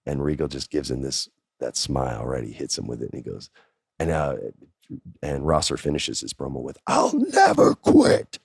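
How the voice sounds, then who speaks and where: A man hosting a podcast, telling a story casually, animated and profane, jumping up high in pitch for emphasis. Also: fairly quick, gravelly, husky, no room sound, clean studio sound. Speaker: podcast host.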